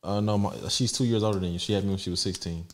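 Fast-talking, teasing male co-host. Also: fairly low pitch, fairly even intonation. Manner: teasing, profane banter. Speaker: podcast co-host. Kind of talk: casual chat.

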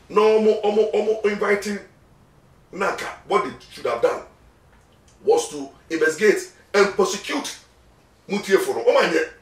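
High, lively Ghanaian man, echoey. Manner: emphatic, repeats words, acts out quotes. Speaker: lawyer guest. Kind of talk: animated interview talk mixing Twi and English. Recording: echoey room, mic at a distance.

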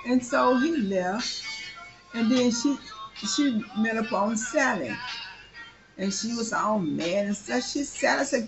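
A woman's voice: fairly high pitch, expressive, slow, gravelly, long pauses, over music, poor audio. A woman telling a story in a casual, slangy way, acting out the dialogue. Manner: conversational, slangy, acts out dialogue.

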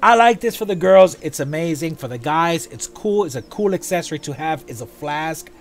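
A man hosting a casual show, chatting playfully as he reviews event items, with quick asides. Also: on the high side, lively intonation, a little hiss or hum. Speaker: show host.

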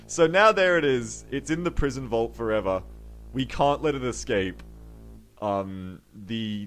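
A young man streaming a video game, telling stories in excitable banter, swearing freely and slipping into silly voices. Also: medium pitch, normal speed.

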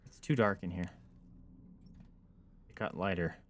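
A man's voice: low-pitched, measured pace, a bit bright. A man streaming a horror game, giving casual commentary full of jokes, swearing and mock bravery.

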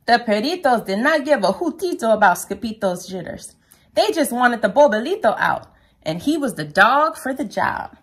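A woman reading a children's picture book aloud at home, lively and playful, with a sing-song delivery. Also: on the high side, moderate pace, husky.

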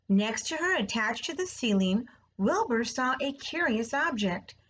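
A woman's voice: mid-range voice, highs cut off. Chatty woman teacher reading aloud. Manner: chatty asides to students. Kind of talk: read-aloud for children.

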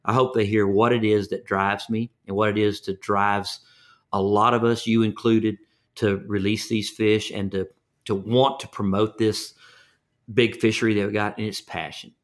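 An older Texan man, a fishing guide, tells folksy stories in a low, unhurried voice. He repeats words as he goes and acts out the voices of the people in his stories. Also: level tone. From Texas. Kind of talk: storytelling interview.

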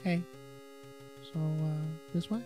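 A woman's voice: lowish voice, slow pace, mellow, soft background music. A young woman playing a platform game and chatting casually, often frustrated and swearing at her mistakes. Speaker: let's play gamer. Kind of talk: casual gaming chat.

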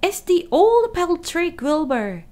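A shrill, bossy goose barks out orders and repeats herself, as a woman reading a storybook puts her on. The voice sits high and leaps about wildly, and each command comes out loud and insistent. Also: big pitch swings, exaggerated voice. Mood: scolding. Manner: shouting rapid repeated orders.

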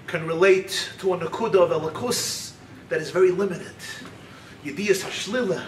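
A man, a rabbi, giving a keynote lecture that mixes teaching with storytelling, swinging between shouted emphasis and hushed low asides. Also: normal speed. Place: large hall at a weekend retreat. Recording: echoey hall, far-off mic, faint hiss.

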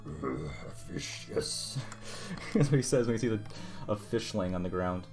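Young guy on stream drawing stuff, kinda low voice, rambly, talks to himself, bit of music in the back. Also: lively intonation, moderate pace, a little mellow. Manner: rambling, muttering to himself about his drawing. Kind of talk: casual stream chat while drawing. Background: music playing.

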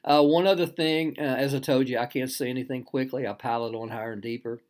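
A man's voice: medium pitch, steady tone, fast talker, a little mellow. A middle-aged man, a course instructor and program director, walking students through an online course with many fillers, restarts and self-deprecating asides. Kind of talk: casual recorded course walkthrough.

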